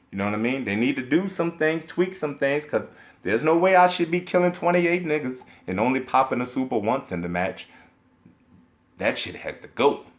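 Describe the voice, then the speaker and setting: A young man on a live stream, venting about video games. His voice swings widely in pitch while he stays mid-range overall, and he talks in a profane, emphatic rant full of repetition and short laughs. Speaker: gaming streamer.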